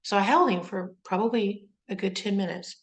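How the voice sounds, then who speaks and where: A woman hosting an interview, speaking gently and consolingly to her guest. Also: mid-range voice, a little fast, low-quality recording. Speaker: interview host. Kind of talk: interview conversation.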